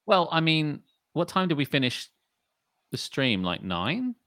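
Remote male co-host, very lively pitch swings, laughs a lot, dry close sound. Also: a little slow, no room sound. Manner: laughing, chiming in with reactions. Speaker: streamer co-host. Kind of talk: casual chat.

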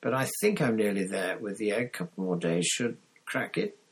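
A man voicing a guarded teenage boy wizard who speaks carefully and evasively, pitched a little above his narration. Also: big pitch swings, normal speed, husky, heavily acted.

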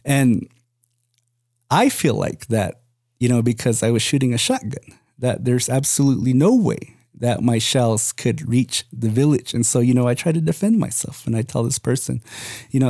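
Mellow-voiced man telling a rambling story. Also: medium pitch, expressive, normal speed, no room sound, clean studio sound. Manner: rambling, many "you know" and "kind of" fillers. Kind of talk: casual personal storytelling.

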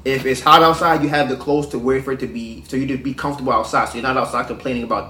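A man's voice: fairly even intonation, racing, few pauses, pushed and bright. Guy podcasting, slangy preachy dating advice, roomy echoey sound, faint hiss behind. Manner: slangy, preachy, drops into low murmurs. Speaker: podcast host. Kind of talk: casual advice monologue. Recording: roomy echo.

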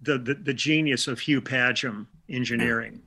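Speaking at normal speed in a bright, forceful, mid-range voice, a session musician from Milwaukee, now an older man, recounts a long story as a guest in a casual interview. He meanders through his memories, frequently starting sentences over and performing snippets of dialogue.

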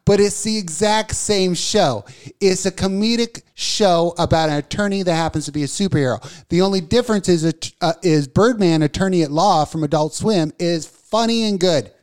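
Mouthy male co-host, profane and ranty, slightly high voice. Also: moderate pace, a little mellow, clear, resonant tone. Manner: profane, ranting, laughing. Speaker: podcast co-host. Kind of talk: casual comedic rant.

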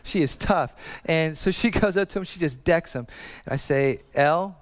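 An earnest male preacher in his thirties with a somewhat high voice. He talks conversationally and leans on repetition to drive each point home. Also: normal speed, in a large hall. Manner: earnest, conversational, repeats phrases for emphasis. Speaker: pastor. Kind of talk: sermon.

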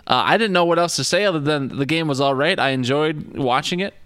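A man co-hosts a laid-back football chat, rambling a little and poking fun at himself. His voice is smooth and clear, with a dry, close sound and no room around it. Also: fairly high pitch, fairly quick, a bit bright, no room sound. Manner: chatty, self-deprecating, rambling with fillers. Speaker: podcast co-host. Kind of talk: casual sports chat.

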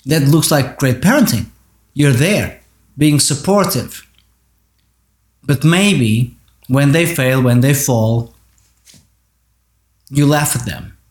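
A man's voice: medium pitch, takes it slowly, pauses often. A man giving an earnest monologue on parenting, speaking directly to parents. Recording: roomy echo.

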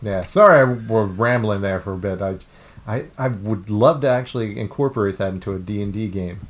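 A man with a lowish voice chats loosely on a podcast, rambling through his thoughts with plenty of ums and you-knows. He laughs often and rolls along with the silly ideas. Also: brisk. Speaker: podcast co-host. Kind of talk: casual chat. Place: living in Japan.

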